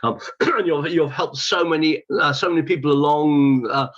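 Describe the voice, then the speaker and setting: A fairly high-voiced man hosts a casual interview and picks his words hesitantly, with lots of pauses and restarts. His voice comes through a dull, lo-fi recording. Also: a bit bright. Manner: hesitant, many fillers and restarts, clears throat. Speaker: podcast host. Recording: dull lo-fi sound.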